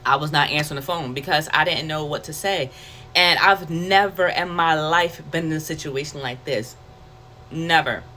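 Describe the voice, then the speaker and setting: Woman telling her testimony, bright tense voice, lowish, faint hiss behind. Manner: candid, conversational, animated storytelling with quoted self-talk. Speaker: testimony vlogger. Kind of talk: casual personal testimony.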